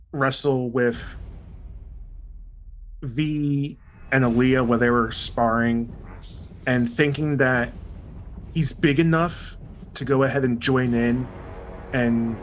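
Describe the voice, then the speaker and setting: Slow, halting man playing a tabletop game. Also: medium pitch, low-quality recording. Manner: hesitant, halting, with pauses. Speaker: player. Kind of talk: describing his character in a tabletop game.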